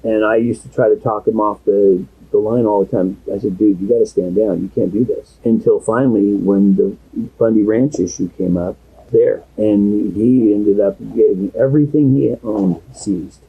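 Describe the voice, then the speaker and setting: Husky pastor on a tinny recording. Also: male voice, lowish voice, fairly even intonation, normal speed. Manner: rambling, earnest and emotional. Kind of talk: private conversation, secretly recorded. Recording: tinny phone-like audio recording.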